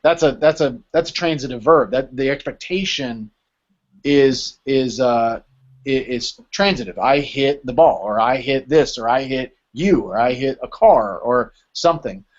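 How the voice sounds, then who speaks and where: A man's voice: mid-range voice, a little slow. A man teaching a Greek class in a casual lecture style, often checking in with "right?" as he explains. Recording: dull lo-fi recording.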